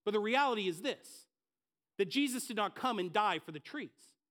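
High-pitched pastor guy preaching, acts out what folks are thinking. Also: lively intonation, moderate pace, fairly bright tone. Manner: dynamic preaching, acts out the listeners' inner voices. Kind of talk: sermon.

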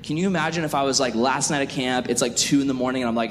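A young man giving a youth sermon as a youth pastor, jokey and animated, acting out the people in his stories. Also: very fast, hardly any pauses. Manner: animated, jokey storytelling with acted-out voices. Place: church sanctuary. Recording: echoey hall with faint rumble.

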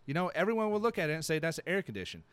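A man's voice: fairly high pitch, very animated, very fast, fairly bright tone, smooth, dry recording. A man co-hosting a podcast in casual chat, rambling and joking, and often repeating himself. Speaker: podcast co-host.

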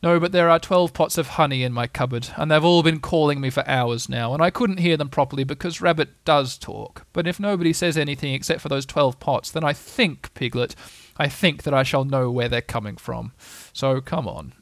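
A man voicing a slow, gentle, humble teddy bear who speaks softly. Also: fairly high pitch, dry recording, lightly acted.

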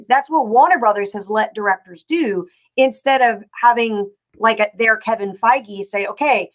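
A woman co-hosting a casual chat, talking in a rambling, animated way with many fillers. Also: medium pitch. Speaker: podcast co-host.

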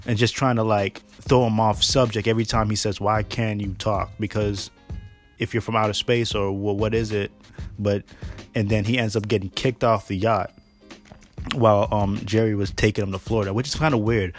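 Low-voiced man in a slangy recap. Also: steady tone, a little fast, soft background music. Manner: slangy, laughing, rambling with fillers. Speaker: podcast host. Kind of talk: casual episode recap.

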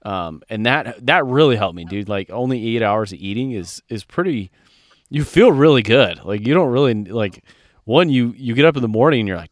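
A man's voice: mid-range voice, expressive, fairly quick, no room sound, studio quality. A young man co-hosting a podcast in casual chat, blunt and profane, laughing often and acting out people he mocks. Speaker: podcast co-host.

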